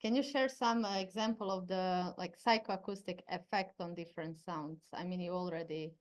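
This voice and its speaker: A woman's voice: on the low side, steady tone, normal speed. Female interviewer and musician, casual, hesitant phrasing. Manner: searching for words, many fillers.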